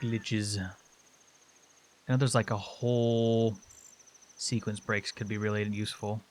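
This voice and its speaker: A man with a lowish, slightly mellow voice speaks flatly at a measured pace, with a little hiss or hum in the audio. Streaming a game from home to video game music, he rambles and chats casually with viewers while playing.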